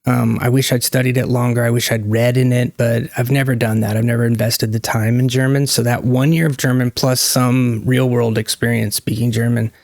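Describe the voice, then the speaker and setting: A man's voice: mid-range voice, little pitch movement, fairly quick, vocal fry, few pauses, darkish tone, no room sound, clean studio sound. A man hosting his own channel, talking in a loose, rambling monologue with joking asides that break off and restart mid-thought. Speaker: channel host. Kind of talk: casual monologue.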